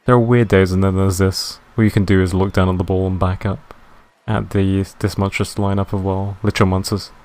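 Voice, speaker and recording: Deep-voiced deadpan male streamer. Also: fairly quick. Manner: deadpan, dry reading with chatty asides. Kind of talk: live stream game narration and chat.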